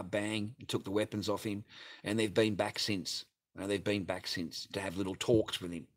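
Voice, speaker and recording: A man hosting a livestream and reading viewer chat, talking in a profane, rambling, blunt way. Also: fairly low pitch. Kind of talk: casual livestream rant.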